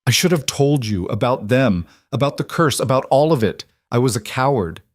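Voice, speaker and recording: A man voicing a ruthless king with ice powers who speaks quietly and commandingly. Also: medium pitch, expressive, moderate pace, no echo, studio quality, voice pushed up, natural voice. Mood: tender.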